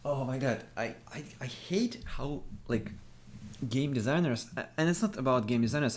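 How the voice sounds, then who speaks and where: A man's voice: mid-range voice, vocal fry, darkish tone, a little hiss or hum. A man streaming a game, reading text aloud and ranting with frequent restarts. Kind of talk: live-stream gameplay commentary.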